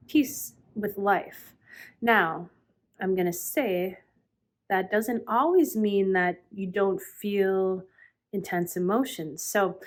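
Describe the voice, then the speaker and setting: A middle-aged woman giving a reflective spiritual talk, earnest and unhurried, often pausing with "um". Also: mid-range voice. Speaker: spiritual teacher.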